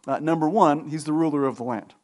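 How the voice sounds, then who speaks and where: A pastor giving a Sunday sermon in a conversational manner, often checking in with "right?" and reading scripture aloud at length. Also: male voice, a little high, fast talker. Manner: conversational preaching with frequent "right?" tags.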